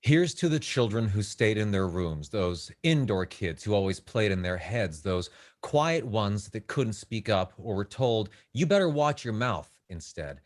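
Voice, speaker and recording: A man at an online open mic, reading a rhythmic, rhyming spoken word poem and chatting nervously over a video call, with some swearing. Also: mid-range voice. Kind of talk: spoken word poetry and casual chat.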